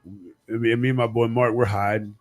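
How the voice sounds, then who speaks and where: Profane, animated storyteller. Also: male voice, medium pitch, a little fast, soft background music. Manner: profane, animated storyteller, voicing friends and his dad. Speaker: co-host. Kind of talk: crude storytelling on a live radio stream.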